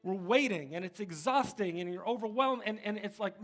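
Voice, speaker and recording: A man's voice: sits high, moderate pace, faint music behind. A male pastor giving a casual, joking sermon, self-deprecating and full of restarts.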